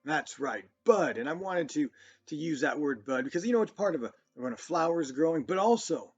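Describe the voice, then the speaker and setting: A man teaching a children's phonics lesson, sounding out words slowly and praising often. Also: fairly high pitch, lively intonation, husky. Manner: slow, encouraging, praising often. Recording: dull lo-fi sound with faint music.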